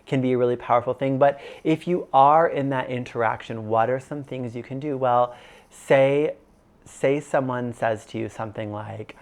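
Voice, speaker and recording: A man's voice: medium pitch, steady tone, moderate pace. A man in his thirties teaching an online course in a casual, conversational way, full of "like" and "you know". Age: 30s. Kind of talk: casual instructional talk.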